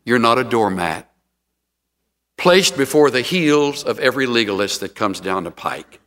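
A middle-aged man preaching a sermon, telling stories with sudden jumps in pitch. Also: lively intonation, unhurried, a bit bright, long reverb tail. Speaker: pastor.

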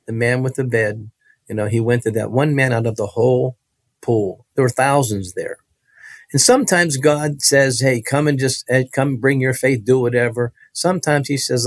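A man's voice: mid-range voice, no room sound. Earnest man telling a faith story. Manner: earnest, vivid storytelling with many restarts. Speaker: guest telling his testimony. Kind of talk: personal faith testimony in conversation.

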